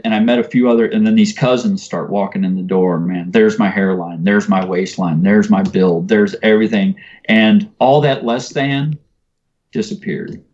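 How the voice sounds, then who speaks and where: A man's voice: lowish voice, a little mellow. A man guest telling a personal story in an earnest, conversational way. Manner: earnest, conversational, uses "you know" and "man". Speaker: podcast guest. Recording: muffled lo-fi sound.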